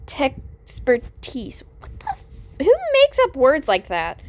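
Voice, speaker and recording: A woman's voice: high-pitched, wildly swooping pitch, slow pace, a little hiss or hum. Sick woman commenting on a detective game. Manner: self-mocking asides, stumbling over words. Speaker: gaming video creator. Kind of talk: casual game playthrough commentary.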